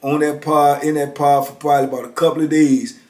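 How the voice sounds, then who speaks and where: Middle-aged man, laid-back storyteller, voice a bit high, echoey room. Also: little pitch movement, brisk, a little mellow. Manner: laid-back, lots of "man" and "you know what I'm saying". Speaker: storyteller, former prisoner. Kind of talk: casual storytelling. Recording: roomy echo.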